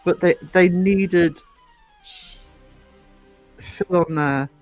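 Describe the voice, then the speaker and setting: A man's voice: high-pitched, extremely slow, darkish tone, soft background music, poor audio. A man with a northern English accent hosting a livestream, chatting playfully and laughing often. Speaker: livestream host. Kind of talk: casual chat.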